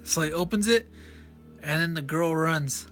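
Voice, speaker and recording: Male reviewer, casual and excitable, restarts and self-corrections; bright, sharp tone, faint music underneath. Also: a little high, a little slow. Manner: enthusiastic, rambling, self-correcting. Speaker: comic reviewer. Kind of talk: casual comic walkthrough.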